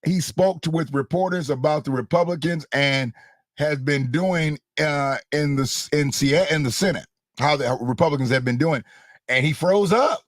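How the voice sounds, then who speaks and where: A man's voice: fairly high pitch, moderate pace, no echo, clean studio sound. A man hosting casual political commentary, blunt and slangy, mocking and repeating phrases for emphasis. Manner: blunt, slangy, mocking, laughs at own jokes. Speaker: host.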